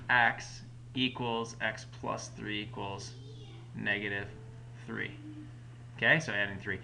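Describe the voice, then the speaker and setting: Bright-voiced man teaching math. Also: mid-range voice, creaky, slight background noise. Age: adult parent. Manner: patient, explains step by step, casual fillers. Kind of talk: recorded math lesson walkthrough.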